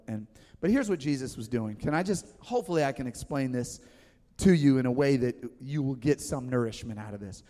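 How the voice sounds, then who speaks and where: A man preaching a sermon in a lively, conversational way, acting out the quoted voices. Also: on the high side, fairly quick. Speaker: pastor. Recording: long hall reverb.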